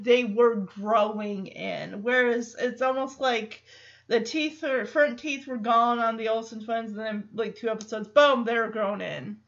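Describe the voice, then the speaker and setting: A woman's voice: a little high, fairly bright tone, highs cut off. A woman hosting a podcast, recapping a sitcom episode in a chatty, rambling way with lots of filler words. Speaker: podcast host.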